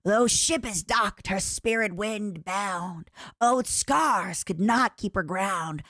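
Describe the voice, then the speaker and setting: A woman putting on an accent to recite a sea poem slowly and dramatically, in a sing-song way. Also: mid-range voice, a bit bright, no room sound, studio quality. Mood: theatrical.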